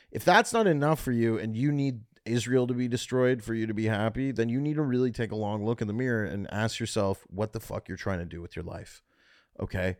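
A man's voice: lowish voice, clean tone. A comedian from Canada hosting his own podcast, delivering a blunt, profane solo rant. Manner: blunt, profane, fast ranting. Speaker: comedian host.

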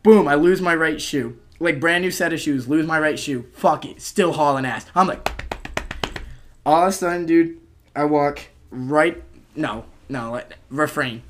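A man's voice: a little high, unhurried. Swearing young man telling a wild story. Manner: animated, swears a lot, says "dude" constantly. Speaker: podcast co-host telling a story. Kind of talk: casual storytelling.

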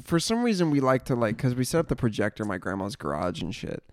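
A man's voice: medium pitch, very animated, quick pace, no echo, clean studio sound. Teasing young man in casual chat. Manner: joking, teasing interjections. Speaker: podcast co-host.

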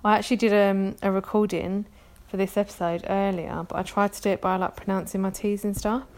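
A woman's voice: medium pitch, level tone, fairly quick, a little mellow. A woman in her thirties with a London accent, chatting casually on her own podcast, rambling and self-deprecating with many ums. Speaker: podcast host. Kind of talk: casual solo podcast chat.

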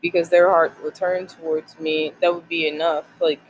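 Twentysomething rambling about faith and school, says like constantly, mid pitch, bit of hiss behind. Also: flat delivery, normal speed, low-quality recording. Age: 20s. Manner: rambling, many "like" fillers. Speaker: college student sharing faith devotional. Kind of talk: casual faith vlog.

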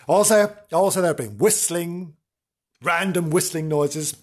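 A man's voice: on the high side, measured pace, slightly rough. A man presenting in a theatrical, camp way, telling spooky stories with gasps and playful asides. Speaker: radio-style presenter. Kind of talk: comic spooky storytelling.

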